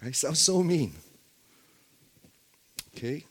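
A man's voice: fairly high pitch, animated, takes it slowly, slightly rough. Man preaching with rhetorical questions. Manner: frequent rhetorical questions with "okay?" tags. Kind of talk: sermon, Bible teaching.

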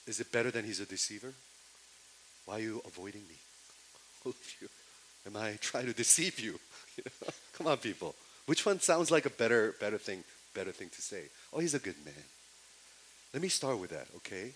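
A man's voice: lowish voice, a little hiss or hum, rough recording. A man preaching a sermon who keeps questioning his listeners and repeats himself, his voice climbing when he quotes scripture. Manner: questions the audience again and again, rising loud on quoted lines.

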